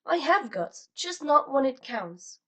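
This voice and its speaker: A woman's voice: sits high, sing-song, slow, far from the mic, voice pushed up, full character voice. A woman voicing an emotional, reckless teenage girl who teases and breaks down sobbing, in an audiobook. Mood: distraught. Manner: teasing, then sobbing and shouting.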